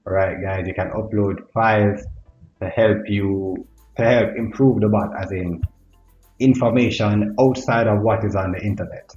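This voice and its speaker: A man's voice: fairly low pitch, steady tone, moderate pace, a little mellow. A man presenting a casual tech tutorial. He thinks aloud with curiosity and speaks to his viewers as "guys". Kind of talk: casual screen-recorded tutorial. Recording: echoey, dull lo-fi sound with faint music.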